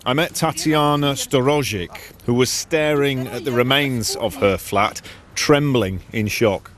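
A man reporting from the field as a news correspondent, measured and sombre. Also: mid-range voice, noisy background.

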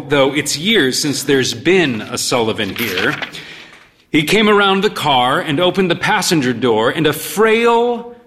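A man tells a story in the first person, dry and world-weary. He reads slowly and without hurry. His pitch is fairly high and moves in lively swings. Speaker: narrator, pub owner. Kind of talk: storytelling reading.

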